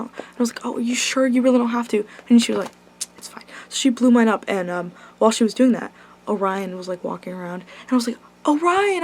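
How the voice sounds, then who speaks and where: A young woman vlogs to camera, telling a story in excited, rambling talk. She gushes, fills her sentences with ums and likes, and swears without a second thought. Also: mid-range voice. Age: young adult. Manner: gushing, swears casually, many ums and likes. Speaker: vlogger.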